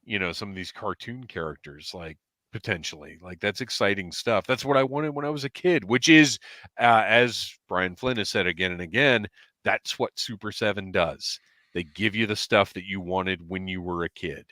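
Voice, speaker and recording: A man's voice: deep voice, normal speed, bright, forceful tone, no echo, clean studio sound. A man hosting a casual livestream podcast over a headset from home, chatting and reading out viewer comments. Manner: chatty, reads chat comments aloud. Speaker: podcast host.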